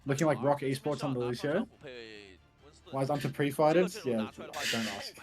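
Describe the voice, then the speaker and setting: A man casting an esports match with offhand, dry jokes and quick play-by-play. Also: mid-range voice, soft background music. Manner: dry, offhand jokes, then lively calls. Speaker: esports caster.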